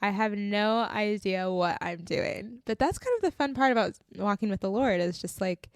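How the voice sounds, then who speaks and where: A young woman with a mid-range voice and lively intonation hosts a faith podcast, speaking at a moderate pace with no room sound. She shares her testimony earnestly and casually, from the heart, often near tears and saying "like" a lot.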